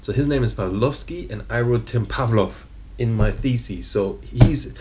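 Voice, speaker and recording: A man's voice: medium pitch, moderate pace, darkish tone. A man in his mid-thirties chatting loosely to camera in a fitness vlog, telling stories and swearing freely. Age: 30s. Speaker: fitness vlogger. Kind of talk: casual vlog chat.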